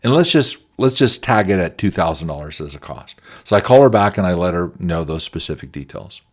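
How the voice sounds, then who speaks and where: A man's voice: low voice, big pitch swings, fairly quick. A man teaching quality management through conversational stories from his work. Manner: conversational, anecdotal. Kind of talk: storytelling lecture.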